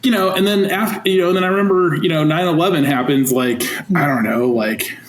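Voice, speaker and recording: A man in his forties, a teacher and coach, telling stories in an animated, chatty way with lots of fillers. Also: fairly high pitch, fairly quick. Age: 40s. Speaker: teacher and football coach, guest. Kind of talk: casual storytelling interview. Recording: roomy echo, faint noise.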